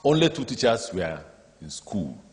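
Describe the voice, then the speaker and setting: Addressing an education summit in a big, reverberant conference hall, a Nigerian-accented state governor speaks at a moderate pace in a fairly low voice. His anecdote-filled speech comes alive as he performs the dialogue in his stories, getting the audience to laugh.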